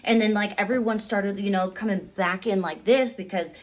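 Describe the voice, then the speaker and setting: A woman in her thirties recounting a story to camera in a loose, chatty vlog manner. Her voice sits in a middle range, and she peppers her talk with "like" and jumps up high when acting out what people said. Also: moderate pace. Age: 30s. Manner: animated, heavy use of "like"; acts out quotes with big pitch jumps. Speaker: vlogger. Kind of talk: casual storytelling.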